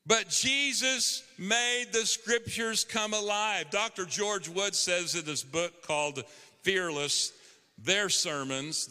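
A man's voice: on the high side, pushed and bright. A man preaching a sermon as a pastor, emphatic and conversational, rising on key phrases. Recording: long hall reverb.

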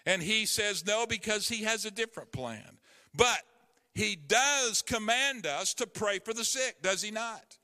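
A male pastor with a bright, forceful, somewhat high voice delivers a sermon, pressing his points with emphatic rising calls. His words ring out with a long reverb, as in a large church sanctuary. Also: animated, a little slow.

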